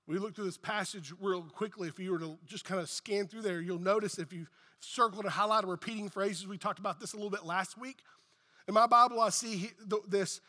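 High, bright-voiced preaching man. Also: fairly even intonation, fairly quick, big-room sound. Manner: emphatic, repetitive preaching with rising and falling intensity. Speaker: pastor. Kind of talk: sermon. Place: church hall.

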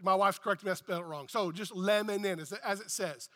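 A man's voice: sits high, quick pace, bright, forceful tone, in a large hall. A man preaching a sermon as pastor, emphatic and repetitive, swelling and dropping in intensity. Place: church hall.

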